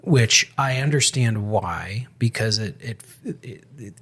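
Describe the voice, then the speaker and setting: A pastor co-hosting a faith podcast, talking in a relaxed, conversational way. His voice sits low and a little husky. He often stops and restarts a thought partway through a sentence. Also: slow pace. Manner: storytelling with many restarts and quoted dialogue. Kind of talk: casual spiritual podcast conversation.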